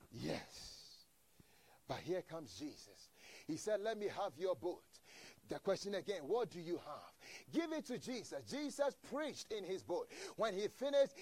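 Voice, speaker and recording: A man delivering a sermon in a high voice, rising and falling in emphasis as he tells a story. He often trips into repeated words and restarts, then acts out the characters' lines. The sound is close and dry. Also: darkish tone, no room sound. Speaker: preacher.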